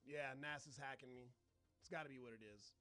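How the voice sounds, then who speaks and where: A man's voice: mid-range voice, fairly quick, sharp tone, faint music behind. A man hosting a live astronomy stream, chatting casually, swearing and reading out and answering viewer comments, sarcastic toward trolls. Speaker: astronomy livestream host.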